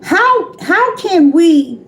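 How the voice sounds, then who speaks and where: A very high, very animated voice comes through extremely slowly, fairly bright in tone, in an echoey room with slight background noise. She is a woman calling herself a prophetess, giving a chatty, repetitive livestream sermon directed at her listeners.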